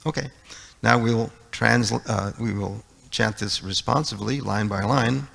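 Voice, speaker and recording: A man leads a devotional scripture class, reading out translations item by item in a deeply gravelly voice. He talks slowly and deliberately. His voice rings with the long reverb of a temple hall. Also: fairly bright tone. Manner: reads out lists of verse translations item by item.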